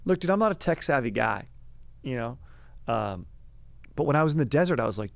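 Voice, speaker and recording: A young man hosting a casual comedy podcast, excitable, swearing and saying "dude" often. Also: mid-range voice, brisk, gravelly, long pauses, no echo. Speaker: podcast host. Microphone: headphones on.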